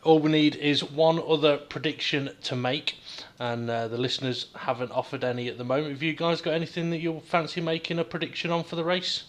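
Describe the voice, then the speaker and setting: A man from the UK hosting a casual podcast chat over a call, hesitant with many ums and quick laughs. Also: a little high, level tone. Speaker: podcast host.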